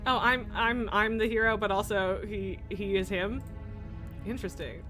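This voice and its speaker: A woman's voice: mid-range voice, steady tone, normal speed, bright, forceful tone. A young woman streaming a game, chatting casually and giggling often. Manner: chatty and giggly, many fillers. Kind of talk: casual live-stream chat. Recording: game music underneath.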